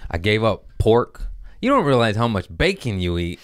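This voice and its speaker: A man's voice: lowish voice, sing-song, moderate pace, smooth, dry recording, clean studio sound. A man hosting a podcast, riffing in a jumpy, scatterbrained comic monologue and mocking himself as he loses his thread. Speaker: podcast host. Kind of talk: rambling comedic monologue.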